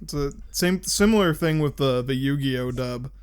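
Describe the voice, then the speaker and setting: A man's voice: medium pitch, moderate pace, clean tone. A young man co-hosting a podcast, chatting casually in an enthusiastic, giggly and slangy way. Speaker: podcast co-host. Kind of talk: casual chat.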